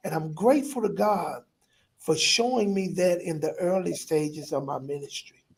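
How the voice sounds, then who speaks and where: A middle-aged pastor telling a personal testimony in a vivid, animated way, in casual vernacular with repeated phrases. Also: male voice, fairly high pitch, normal speed, vocal fry, husky. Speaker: pastor, guest.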